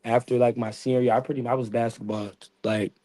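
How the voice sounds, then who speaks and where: A man from upstate New York speaks in a steady, level voice that barely rises or falls, keeping it loose and conversational with plenty of filler phrases. The sound is close and dry, with no room ring. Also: mid-range voice, fast talker, dry recording. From Niagara Falls, New York. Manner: loose and conversational, fillers like "you feel what I'm saying". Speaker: event promoter, interview guest. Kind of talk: casual interview talk.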